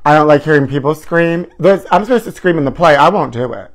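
A man with a rather high voice hosts a live celebrity gossip stream at a quick, animated clip. His style is campy and theatrical: he calls viewers honey and trashy and swoops upward into mock outrage.

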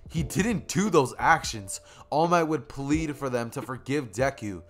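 A young man narrating a fan story in a casual, rambling storytelling style with repetitive phrasing. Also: medium pitch. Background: faint music.

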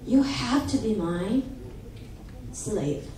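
A woman voicing a sly, bossy young girl with a shrill, teasing way of speaking. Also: lively intonation, drawn-out words, background noise. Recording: echoey church hall from far off.

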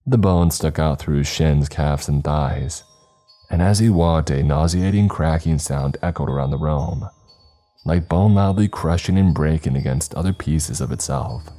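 A man reading a scripted horror story in a slow, measured way. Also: extremely low pitch, warm tone, faint music behind.

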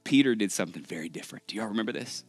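A male pastor from Texas preaching a sermon to a big church room in a conversational, joking, animated way. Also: lowish voice, very fast, soft background music. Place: large church auditorium.

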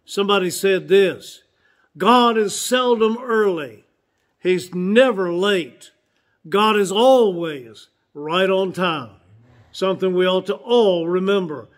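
A pastor in his sixties delivers a sermon in a notably high voice for a man. He speaks earnestly and stretches out and repeats his key phrases for weight. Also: slow.

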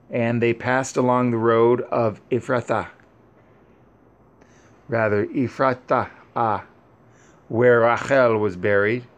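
A man reading an old scripture narrative aloud in a measured, solemn way, with frequent pauses. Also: mid-range voice. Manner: measured, solemn, pausing often. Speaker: scripture reader.

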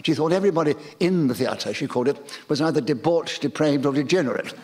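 A man's voice: a little high, animated, fast, very noisy. An older English man, a guest in a stage conversation, telling anecdotes animatedly and acting out the voices of people in them. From England. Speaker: interviewed guest.

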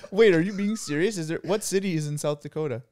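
A man's voice: fairly high pitch, quick pace, darkish tone. A young man from Canada co-hosting a podcast, rambling playfully and laughing often in casual chat. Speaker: podcast co-host.

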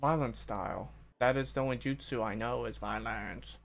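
A male streamer riffs on a game with jokey, mock-indignant banter. His voice carries a gravelly rasp at an ordinary middle pitch. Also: moderate pace, slight background noise. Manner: joking, mock-outraged trash talk. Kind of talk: casual gameplay commentary.

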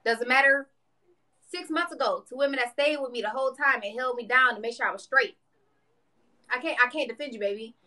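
A woman's voice: fairly high pitch, brisk, bright, forceful tone. A woman hosting a casual livestream, talking to viewers in a brash, boastful, profane way. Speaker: livestream host.

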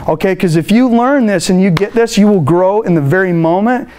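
A man giving a motivational customer service training talk to a live room, energetic and playful, acting out phone calls. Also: high voice, fairly quick, clear, resonant tone.

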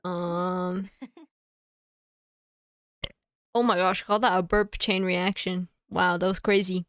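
A woman streamer chatting casually to herself and her audience while playing a game, thinking aloud with quick asides. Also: lowish voice, steady tone, a bit bright, clear, resonant tone, dry recording, clean studio sound.

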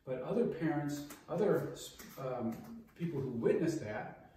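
A middle-aged martial arts instructor with a fairly high, animated, mellow voice speaks a little slowly while teaching a hands-on safety class. He coaches, demonstrates and repeats key steps, checking in briefly with "okay?" and "all right?". The recording, from a large martial arts training room, is very echoey with a distant mic and faint noise.

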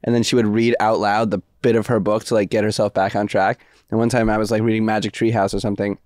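A man in his thirties, chatting casually as a podcast guest, telling wry stories with quick jokes. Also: on the low side, flat delivery, darkish tone, no echo, clean studio sound. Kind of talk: casual chat.

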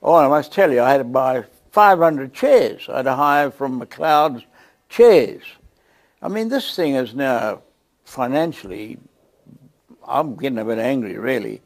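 A man with a South African accent telling a lively testimony story to a church, acting out the scenes as he goes. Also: mid-range voice, measured pace. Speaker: guest preacher.

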